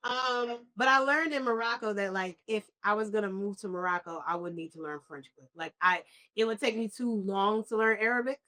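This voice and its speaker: Podcast co-host, young woman, bright voice, animated storyteller. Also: mid-range voice, brisk. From New York. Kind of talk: casual chat over wine.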